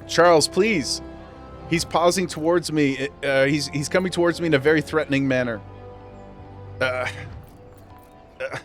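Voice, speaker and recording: A man streaming a game, chatting casually with his viewers, playful and quick to laugh as he talks straight to chat. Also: on the high side, animated, faint music behind. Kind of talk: casual live-stream chat while gaming.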